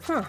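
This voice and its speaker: A young woman streamer chatting casually while playing a farming game, laughing often and swearing freely. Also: a bit bright. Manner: chatty, laughs often, swears casually, quotes comedy bits in put-on voices.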